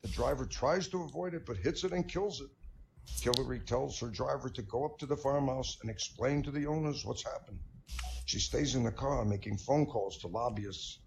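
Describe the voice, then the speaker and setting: Gravelly older man telling jokes. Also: mid-range voice, moderate pace, darkish tone, slight background noise. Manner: reads jokes aloud, chuckles at his own punchlines. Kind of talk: joke telling on an online voice comedy show.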